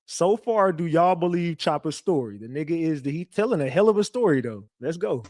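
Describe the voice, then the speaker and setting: A man's voice: a little high, expressive, fairly quick, darkish tone, no echo, clean studio sound. A man hosting a live stream, reacting in disbelief to a clip, swearing freely and pressing the chat with questions.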